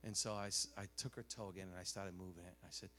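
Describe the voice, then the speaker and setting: A man preaching a sermon, telling stories animatedly, dropping to a hush and rising loud again, with many restarts. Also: low-pitched, steady tone, quick pace, a little hiss or hum.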